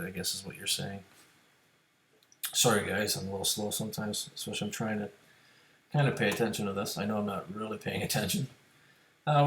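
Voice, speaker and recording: A man's voice: fairly low pitch, roomy sound. A man casually talking to his viewers while playing online poker, thinking aloud about hands and chip stacks. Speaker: poker streamer. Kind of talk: casual live-stream commentary.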